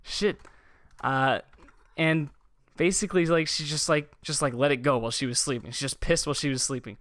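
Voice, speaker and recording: A man's voice: on the high side, steady tone, brisk, a bit bright, no echo. A young adult man hosting a casual podcast from a room above his garage, rambling through a story with a lot of swearing. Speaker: podcast host.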